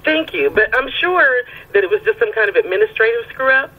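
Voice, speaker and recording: A woman with a husky voice, calling in and telling a lively anecdote, often checking in with her listener. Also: on the high side, a little fast. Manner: lively anecdotal storytelling, checks in with "right?" and "okay?". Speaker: caller telling a story. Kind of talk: casual phone storytelling. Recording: tinny phone line.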